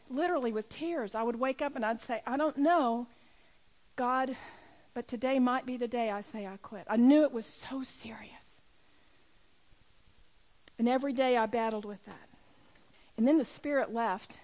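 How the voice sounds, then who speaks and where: A middle-aged woman speaking to a room as a women's ministry speaker, telling a personal story with emphatic, building delivery. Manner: storytelling, emphatic, rising to near-shouting at high points. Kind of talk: personal testimony talk. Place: room with a live audience.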